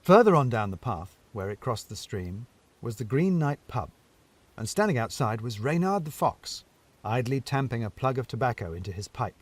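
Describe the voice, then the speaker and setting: Brief: male narrator, lively storybook reading, dry close-miked sound. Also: medium pitch, normal speed, no echo.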